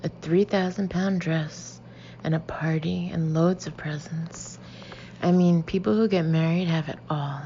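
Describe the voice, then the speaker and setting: A woman narrates a first-person novel in an expressive way, often dropping into breathy asides. Her voice is low, mellow and gravelly. The recording is a little dull, with a faint hiss. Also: a little slow. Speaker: audiobook reader.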